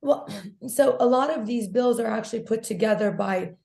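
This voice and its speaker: Hoarse, gravelly woman on a video call. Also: a little high, moderate pace. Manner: excited, talkative, effusive. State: hoarse from screaming at a protest. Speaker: guest activist. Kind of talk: casual interview. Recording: echoey room on a call.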